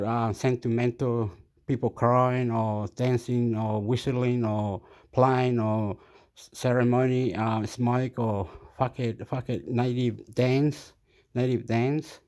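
A man's voice: mid-range voice, fairly even intonation, takes it slowly, darkish tone. A man holding a phone and rambling in a casual monologue, losing his train of thought and repeating phrases. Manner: scattered, self-interrupting, repeats phrases. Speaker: vlogger reacting to news. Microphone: phone held in hand.

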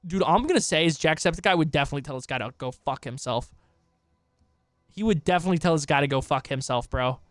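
A man streaming live and reacting to online drama, swearing and exclaiming, his voice going hoarse from talking so long. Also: on the high side, expressive, quick pace, dry recording. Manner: profane, exclaiming, talks back at what he reads.

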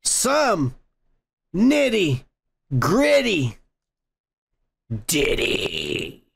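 Brief: tipsy male podcast host, profane rambling rant, gravelly voice, slow delivery. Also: sits high, huge pitch swings, fairly bright tone. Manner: laughs often, swears, rambling. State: tipsy from beer.

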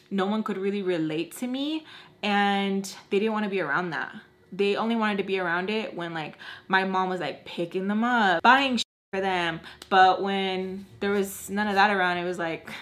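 A young woman chatting through a storytime while doing her makeup, animated and acting out the other people's lines. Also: mid-range voice. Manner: chatty, animated, acts out quoted voices. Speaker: beauty vlogger.

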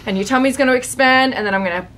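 A woman with an Australian accent giving a relaxed, casual singing lesson in a comedy sketch. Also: sits high, very fast, noisy background.

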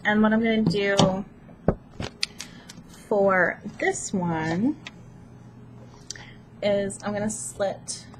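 Slow, chatty woman crafting at home. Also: medium pitch. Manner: chatty, self-deprecating, talks while working. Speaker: planner vlogger. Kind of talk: casual craft tutorial. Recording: steady background noise.

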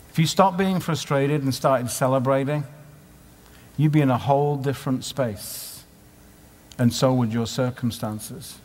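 Preacher asking rhetorical questions in a hall. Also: male voice, mid-range voice, darkish tone. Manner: conversational, asks many rhetorical questions. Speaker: conference speaker. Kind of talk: sermon. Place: conference hall. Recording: live hall with long reverb.

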